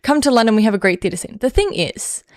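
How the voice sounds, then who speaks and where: A woman's voice: fairly high pitch, animated, quick pace, darkish tone, dry recording, clean studio sound. An Australian woman hosting a casual livestream who rambles with lots of fillers and self-mocking humor. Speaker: livestream host.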